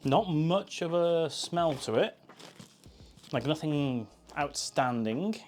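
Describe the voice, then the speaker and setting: A man's voice: fairly high pitch, lively intonation, slow, darkish tone. A man chatting casually on a live stream, joking and answering chat while he makes coffee.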